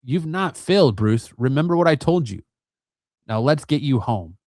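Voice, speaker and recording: A man voicing a strong, commanding warrior woman who speaks in a firm, steady way. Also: mid-range voice, normal speed, no room sound, studio quality, lightly acted. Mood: reassuring.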